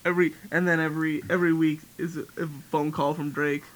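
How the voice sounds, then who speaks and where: A man's voice: on the high side, flat delivery, fairly quick. A man co-hosting a podcast in casual comedic chat, laughing often and slipping into mocking voices. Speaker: podcast co-host. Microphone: podcast mic.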